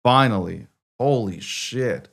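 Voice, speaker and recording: A man's voice: mid-range voice, expressive, slow pace, gravelly, a bit bright. A man hosting a casual livestream news show, talking to himself and swearing when things go wrong. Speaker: host.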